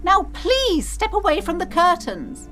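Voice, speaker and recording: A frightened, high-voiced shop owner. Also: female voice, very animated, measured pace, bright, forceful tone, heavily acted. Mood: anxious pleading. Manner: anxious and insistent. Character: frightened, pleading female shop owner guarding her curtains. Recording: faint game music behind.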